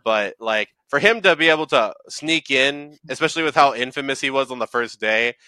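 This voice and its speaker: A young man hosting a casual anime talk, excitable and profane, laughing often. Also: medium pitch, brisk, clean tone, no room sound. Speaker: podcast host.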